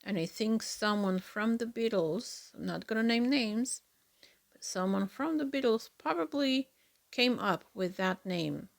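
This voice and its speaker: A woman hosting a solo reaction podcast, talking in an earnest, chatty way with fillers and soft asides. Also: a little high, lively intonation, a little slow, gravelly. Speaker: podcast host.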